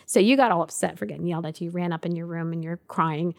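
A woman's voice: lowish voice, steady tone, fast, gravelly. A woman, the host's mother, telling a family story in conversation with many fillers and restarts.

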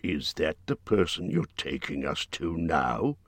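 A man's voice: a bass voice, sing-song, a little slow, no echo, clean studio sound, voice pushed down, full character voice. A man voicing a group of male dwarves who complain warily. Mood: grumbling. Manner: complaining, wary.

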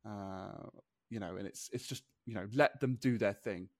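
A man's voice: lowish voice, moderate pace, no room sound, clean studio sound. A man, co-hosting a casual podcast chat, talking loosely and laughing often while he reads things out. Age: 30s. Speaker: podcast co-host.

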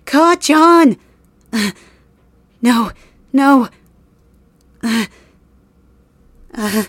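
Woman plays an earnest young male hero; high, frantic pleading, breathy and close. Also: dry recording. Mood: grief-stricken. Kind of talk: audio drama role-play.

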